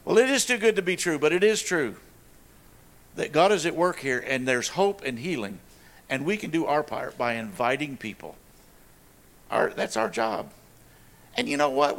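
A man's voice: on the high side, vocal fry, fairly bright tone. A man giving an earnest, emphatic sermon in an informal style, with repeated phrases and personal asides. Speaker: church staff member preaching.

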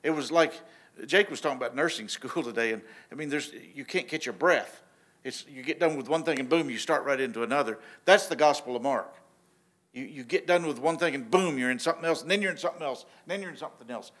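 A male pastor delivers a sermon like he's chatting with friends, lively and loose, often starting a sentence twice before he finds his way. His voice sits at an ordinary middle pitch, neither deep nor high. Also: brisk. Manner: casual, animated storytelling with frequent restarts.

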